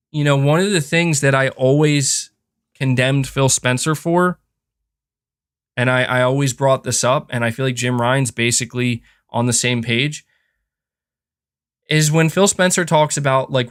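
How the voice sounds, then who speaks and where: This man's mid-range voice is fairly bright and clean as he hosts a podcast. His talk is a casual, opinionated, frustrated rant loaded with fillers and restarts.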